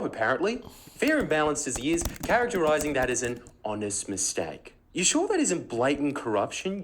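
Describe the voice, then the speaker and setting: A man's voice: medium pitch, a little hiss or hum, poor audio. A man delivering a mocking scripted monologue, firing heated rhetorical questions. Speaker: political comedian.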